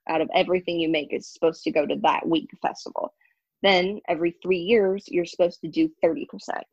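A young American woman, a former church member, tells her story as a guest in a casual interview, speaking candidly and emphatically. Her voice sits on the low side. The audio is dull, with no room sound.

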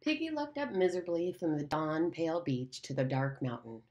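A woman reads an audiobook aloud in a steady, measured way. Her voice sits low for a woman. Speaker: audiobook reader. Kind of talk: audiobook narration.

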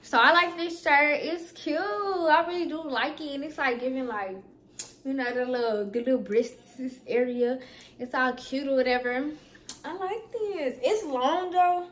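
A woman's voice: sits high, a bit bright. A young woman chatting to viewers in a casual haul vlog, slangy and talkative, with a slight lisp from a new tongue piercing. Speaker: vlogger.

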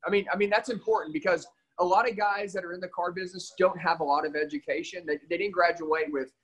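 Male interviewer, encouraging, slightly high husky voice. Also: steady tone, quick pace, a bit bright, rough recording. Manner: encouraging, prompting questions. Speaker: sales trainer and interviewer. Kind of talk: casual interview talk.

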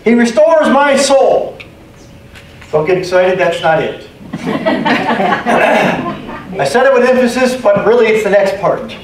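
A man's voice: high voice, very animated, normal speed, pauses often, heavy background noise. A man preaching a sermon as pastor, emphatic, repeating key phrases and calling for amens. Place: church sanctuary. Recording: echoey room, distant mic, faint ambience.

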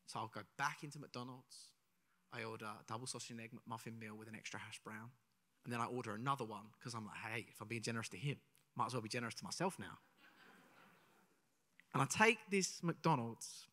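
A man's voice: medium pitch, sharp tone. A young man from England, preaching a live sermon, telling a personal story in a chatty way and asking the audience questions. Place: church hall, live service. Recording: live in a reverberant church hall.

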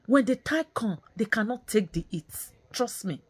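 A woman rants straight to camera, angry and bitter, scolding with the same phrases over and over. Her voice sits high and swings wildly in pitch, with a husky, breathy edge. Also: sing-song, normal speed, few pauses. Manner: scolding, repetitive, mixes in Nigerian Pidgin. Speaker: vlogger. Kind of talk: angry ranting commentary.

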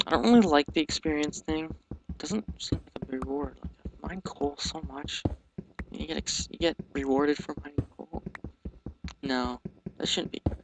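Mumbly teen guy commentating a game, gravelly and a bit high, noisy home mic, hesitant delivery. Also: normal speed. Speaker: let's play commentator. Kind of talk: casual gameplay commentary. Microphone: sensitive desk microphone.

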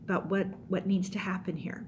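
A woman's voice: lowish voice, steady tone, fairly quick, a little mellow, lo-fi sound, slight background noise, natural voice. A woman voicing God in a sermon story, emphatic and commanding. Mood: exasperated. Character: God, a stern, commanding divine voice.

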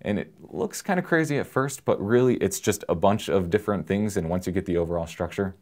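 A man presenting an electronics lesson in a relaxed, joking way, explaining with everyday analogies. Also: low voice, a little fast. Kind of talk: casual technical lesson.

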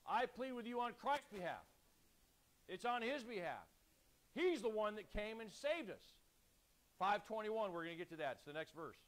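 A man preaching a sermon, urgent and exhorting, calling on the congregation to repeat lines back and clearing his throat now and then. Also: high voice, lively intonation, normal speed, pauses often. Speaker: pastor.

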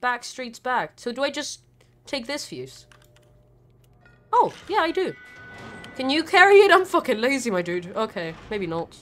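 A woman's voice: on the high side, sing-song, unhurried, a bit bright, soft background music. A woman streamer giving live gameplay commentary, nervous and chatty, swearing a lot and talking back at the characters on screen. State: nervous and scared.

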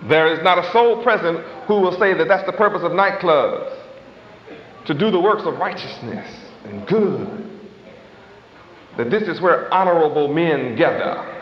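High-voiced preacher in an echoey hall. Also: male voice, animated. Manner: dramatic, swooping emphasis, slow drawn-out stresses; folksy, dropped grammar, chuckling asides. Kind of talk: sermon. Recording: echoey hall, muffled old tape.

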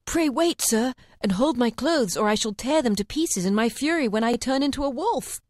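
A woman voicing a crafty, smooth-talking male thief in a storybook reading, low and theatrical. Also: animated, moderate pace, a little mellow, dry recording, studio quality. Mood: pleading.

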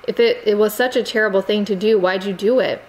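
A woman's voice: medium pitch, steady tone, quick pace, lightly acted, rough recording. A woman voicing an earnest, frustrated American teenage boy who pleads insistently. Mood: pleading. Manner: insistent, exasperated, raises his voice.

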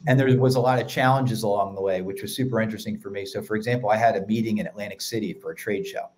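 A man with a Philadelphia accent, a podcast guest telling stories in an energetic, casual way. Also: on the low side. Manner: energetic storyteller, quick run-on sentences. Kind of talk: casual chat.

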